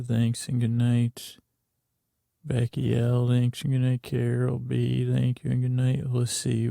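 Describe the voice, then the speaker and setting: A man hosting a bedtime podcast, rambling slowly and aimlessly with many fillers. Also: mid-range voice, gravelly, dark tone, no echo, studio quality. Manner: meandering and slow, with many fillers. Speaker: podcast host. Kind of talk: drowsy bedtime podcast monologue.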